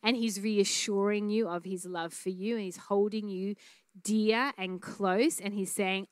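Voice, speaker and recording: A woman teaching a church class on prophetic prayer, speaking in an earnest, conversational way with frequent fillers and quick laughs. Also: medium pitch, clear, resonant tone, dry recording.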